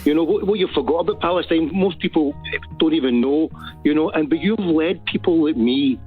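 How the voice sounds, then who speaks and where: Rich: A man with a Glaswegian accent calls in on a thin, tinny phone line, his voice sitting a little high. He speaks fervently and rambles, pressing into urgent appeals. Faint music plays behind him. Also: fairly quick, husky. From Glasgow. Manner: fervent, rambling, rising to exhortation. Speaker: phone-in caller. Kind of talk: casual phone-in call.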